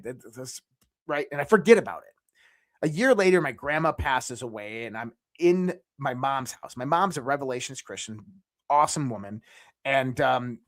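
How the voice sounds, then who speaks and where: A man guest telling a long personal story in casual conversation, acting out the dialogue and swearing freely. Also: medium pitch. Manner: animated, acts out quoted dialogue, swears freely.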